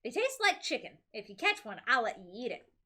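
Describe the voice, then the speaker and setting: A cheerful, eccentric woman guru teaching a cooking class, teasing and bright-voiced, as a woman reads her lines aloud. She speaks with lively, bouncing pitch in a storybook read-along. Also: a little fast, breathy edge, full character voice. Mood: playful.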